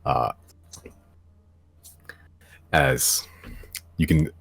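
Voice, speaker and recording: A man's voice: extremely low pitch, steady tone, extremely slow, vocal fry, a bit bright. A man narrating as game master in a tabletop game, with a casual, hesitant delivery full of fillers.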